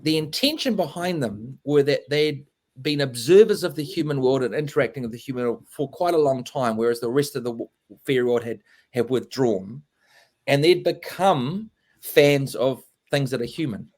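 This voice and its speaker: An English man talks loosely and warmly about his book, circling back with fillers and restarts. His voice sits at an ordinary middle pitch. He speaks as a guest in a relaxed interview. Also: moderate pace. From England. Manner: rambling, many fillers and restarts, laughs often. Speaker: author guest. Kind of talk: casual interview chat.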